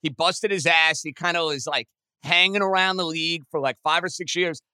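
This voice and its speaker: A man hosting a sports podcast in casual, excitable talk. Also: moderate pace, clear, resonant tone, dry recording. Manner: excitable, chatty, pitch jumps when animated.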